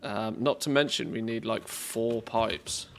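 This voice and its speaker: A man's voice: on the low side, a little slow, gravelly, a bit bright. A man streaming a game, chatting casually and thinking aloud as he plays. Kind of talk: casual live-stream commentary.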